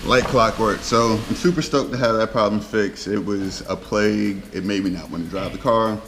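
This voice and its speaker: A man's voice: lowish voice, steady tone, moderate pace, noisy background. A young man casually explaining a car repair in his garage, laid-back and slangy, with plenty of fillers. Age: young adult. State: losing his voice, coughing. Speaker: car vlogger. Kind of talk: casual how-to vlog.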